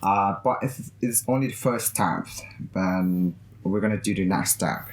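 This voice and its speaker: A young Indonesian student, a man, chatting eagerly in halting English with an Indonesian accent as a guest in a campus interview. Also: low-pitched, echoey room. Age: young adult. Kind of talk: casual interview chat.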